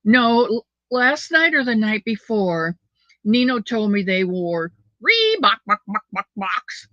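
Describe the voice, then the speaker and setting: With a fairly high, slightly bright voice, this older woman is very animated yet slow as she reads viewer comments on her home livestream. The chat is casual and affectionate, and the sound is dry, dull, and lo-fi.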